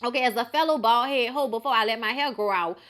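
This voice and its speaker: A young woman from Los Angeles recapping a TV show in a sassy, animated, casual way. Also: a little high, fast talker. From Los Angeles, USA. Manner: sassy, animated, acts out quotes. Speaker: TV show reviewer.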